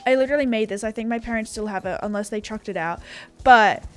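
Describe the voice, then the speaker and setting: A woman's voice: a little high, quick pace, soft background music. A woman with an Australian accent, chatting casually as a gaming YouTuber, rambling and filling her talk with "like" and "you know". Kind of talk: casual chat.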